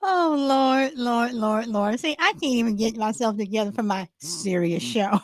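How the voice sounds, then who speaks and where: A woman's voice: fairly high pitch, moderate pace, hardly any pauses, no room sound. A woman hosting a casual live chat show, rambling with many restarts and fillers. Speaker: host.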